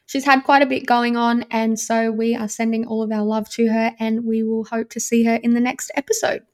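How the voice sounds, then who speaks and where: A woman's voice: a little high, flat delivery, brisk, dry recording, clean studio sound. A young woman co-hosting a podcast in casual chat, friendly and supportive. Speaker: podcast co-host.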